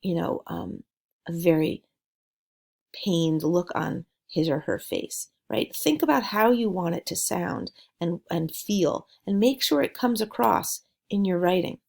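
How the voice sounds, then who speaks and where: A woman teaching a writing lesson, speaking slowly and deliberately in an encouraging way. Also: fairly low pitch, expressive, creaky, darkish tone. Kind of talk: recorded classroom lesson.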